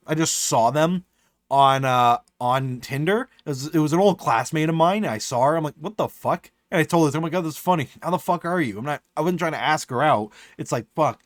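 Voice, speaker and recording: A man's voice: a little high, no echo, clean studio sound. A man chatting casually on a live stream, rambling and swearing often, restarting his sentences.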